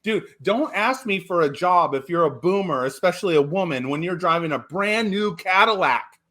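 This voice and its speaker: Man, caller, call-in talk show, fairly high voice, emphatic rant, stumbles and restarts, swears freely. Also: expressive, normal speed, fairly bright tone. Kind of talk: call-in radio chat.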